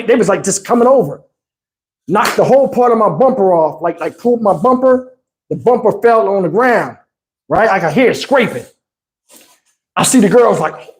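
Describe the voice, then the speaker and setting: High-voiced man telling a wild road story. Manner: animated, cussing, acts out people in the story. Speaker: channel host. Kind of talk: casual profane storytelling.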